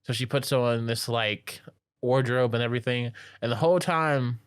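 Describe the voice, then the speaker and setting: Podcast co-host, male, middle pitch, rambling excited recap, loose and filler-heavy; dry close mic. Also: moderate pace, clean tone, no echo. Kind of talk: casual chat.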